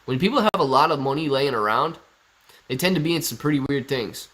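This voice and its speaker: A man's voice: mid-range voice, animated, fairly quick, a bit bright. A man hosting a casual live stream, chatting and joking as he reads viewer comments aloud.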